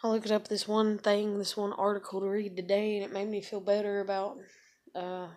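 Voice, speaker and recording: A woman's voice: medium pitch, level tone, moderate pace, darkish tone. Rambling, swearing woman in her thirties. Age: 30s. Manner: rambling, profane, frustrated. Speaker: vlogger. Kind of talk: casual venting monologue. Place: room at home.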